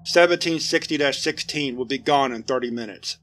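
A man narrating a scripted horror story in a steady, even storytelling voice. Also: mid-range voice, a little fast. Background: faint music.

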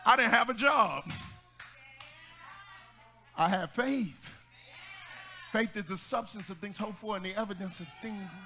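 A pastor preaching to his congregation in a very high, ringing voice. He talks to the room in call-and-response style, builds into shouts, and drops in jokes, with a bright, forceful edge. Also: unhurried, long pauses, faint music behind. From United States. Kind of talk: energetic Black church sermon. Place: church sanctuary with congregation.

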